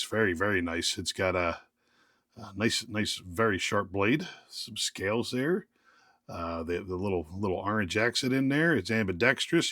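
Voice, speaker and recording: A man's voice: low voice, a bit bright, no room sound, clean studio sound. A man casually reviewing tools while unboxing them, rambling and joking with lots of restarts and fillers. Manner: rambling, jokey, self-interrupting. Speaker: tool reviewer.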